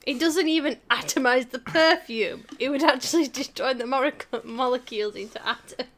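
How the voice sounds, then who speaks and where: Teasing woman chatting at home, dry comebacks, bright slightly high voice. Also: brisk. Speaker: host's wife. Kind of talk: casual chat.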